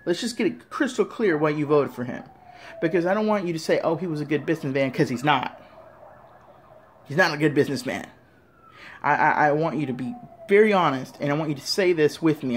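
A man's voice: a little high, expressive, moderate pace, a little hiss or hum. A man giving an angry, profane rant straight to camera, scolding listeners and repeating himself. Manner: profane, heated, repetitive, scolding. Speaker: vlogger.

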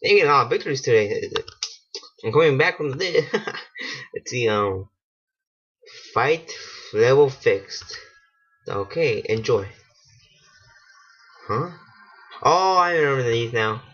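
A man giving casual let's-play commentary, excitable and swearing, laughing at himself. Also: mid-range voice, slow pace, long pauses, husky. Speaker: gaming channel host. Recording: dull lo-fi home mic.

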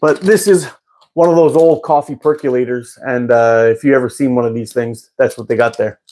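A man's voice: mid-range voice, fairly even intonation, fairly quick, dark tone, slight background noise. A man hosting a live stream, chatting casually with viewers in a rambling way and laughing often. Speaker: live-stream host answering chat.

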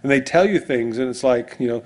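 A man's voice: mid-range voice, a little fast. A man preaching as pastor, in a rambling conversational sermon full of asides and restarts.

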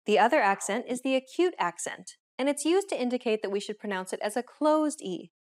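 A woman hosting a language lesson, explaining the rules in a clear, measured scripted narration. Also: on the high side, expressive.

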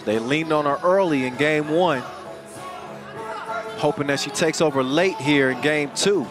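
A man calling a basketball game live, joking and energetic, getting louder on big plays. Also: a little high, a little slow. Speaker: play-by-play commentator. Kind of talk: live sports commentary. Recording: crowd and music under the commentary. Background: arena crowd and music.

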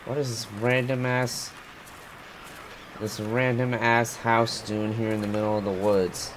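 A man playing a horror game and commenting as he goes, jumpy and quick to swear, thinking out loud about what he sees. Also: mid-range voice, level tone, background noise. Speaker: gaming channel host.

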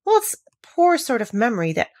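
A woman's voice: a little high, huge pitch swings, brisk, darkish tone, dry recording, studio quality, voice pushed up. A woman voicing a flustered, helpless, untidy queen who speaks in a melancholy, groaning way. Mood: plaintive.

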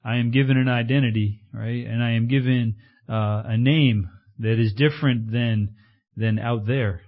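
A male pastor preaching in a casual, conversational way, often tagging his points with a question and pausing on fillers. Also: mid-range voice, steady tone, phone-quality sound. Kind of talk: sermon.

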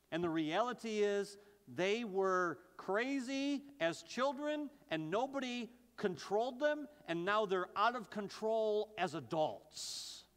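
A middle-aged man preaches a sermon with fervor, his voice sitting a little high for a man. He stammers and restarts, then slows right down to draw out quoted scripture. The sound carries a long reverb from a large church hall. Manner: impassioned preaching with quick bursts and slow, drawn-out scripture quotes. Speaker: pastor.

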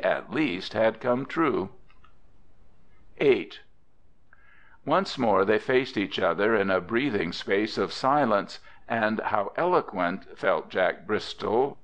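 A man narrating a western audiobook with expressive storytelling. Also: lowish voice.

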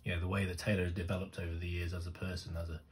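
A man hosting a music reaction, talking casually and rambling with restarts, often gushing and excitable. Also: deep voice, rapid-fire. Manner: gushing, excitable, laughs and sings along. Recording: music playing faintly behind.

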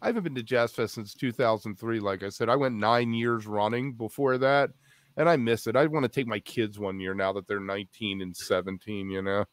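A man's voice: on the low side, fairly quick, no room sound. A middle-aged man co-hosting a casual chat, asking easygoing questions.

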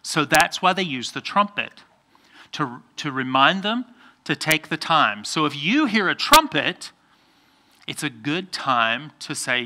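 A man's voice: on the high side, big pitch swings, measured pace, sharp tone. A man pastor giving a playful children's sermon, coaxing the kids by name to join in.

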